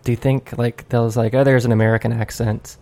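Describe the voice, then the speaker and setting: A man co-hosting a casual chat, rambling and halting but good-natured. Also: medium pitch, little pitch movement, darkish tone. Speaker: podcast co-host.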